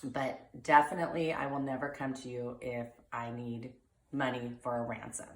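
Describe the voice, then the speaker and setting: A woman telling her father an animated family story for his birthday, acting out the voices in it. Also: extremely low pitch, moderate pace, echoey room. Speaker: daughter giving a birthday message.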